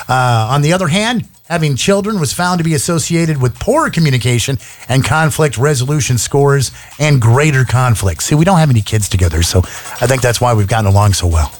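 A man hosting a radio show, chatting casually and joking with many filler words. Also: on the high side. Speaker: radio host. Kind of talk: casual on-air chat. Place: radio studio.

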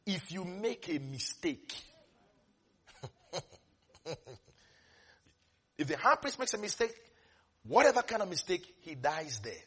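A man preaching a sermon with lots of energy, dropping into soft asides, then rising to shouts, and laughing often as he speaks. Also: high-pitched, sing-song, slow, long pauses, breathy edge. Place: church service.

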